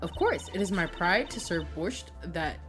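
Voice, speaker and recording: A woman voicing a nervous female waitress witness in a game, in a weak put-on Russian accent and halting broken English. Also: lowish voice, animated, fairly bright tone. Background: game music.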